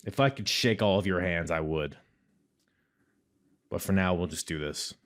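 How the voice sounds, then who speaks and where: Loud, jokey male podcast host. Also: deep voice, normal speed. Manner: jokey, crude, rambling; loud, says he yells. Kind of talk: casual podcast chat.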